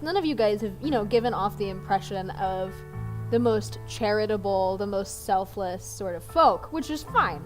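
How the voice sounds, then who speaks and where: A woman's voice: medium pitch, poor audio. A woman running a tabletop game, narrating casually with lots of fillers. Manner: chatty, full of fillers. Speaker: game master.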